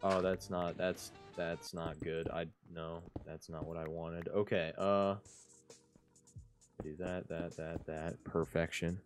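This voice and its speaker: Low, slow-talking male streamer. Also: level tone, soft background music. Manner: mumbling, rambling, often trails off. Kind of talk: casual gameplay commentary.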